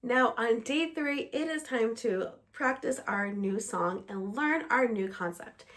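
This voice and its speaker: Woman music teacher, fairly high pitch, calm step-by-step explanation, slightly under the weather. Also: measured pace. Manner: explanatory, steady, breaks into short sung examples.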